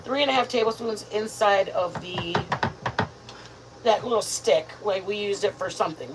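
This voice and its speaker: A woman with a medium-pitched voice hosts a live cooking stream from her home kitchen, speaking at a moderate pace over heavy background noise. She chats casually and rambles while she cooks, addressing her viewers as "you guys."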